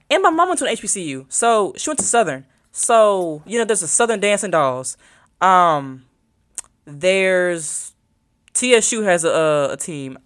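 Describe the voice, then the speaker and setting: This college student, a young woman, rambles to her vlog viewers and thinks aloud while searching her phone. She speaks in a fairly bright voice that sits on the low side.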